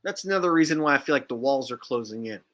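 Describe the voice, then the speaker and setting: A man's voice: mid-range voice, lively intonation, fast talker, a bit bright. A young man hosting a casual commentary vlog, talking sarcastically and rambling, filling his sentences with "like". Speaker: vlogger and channel host.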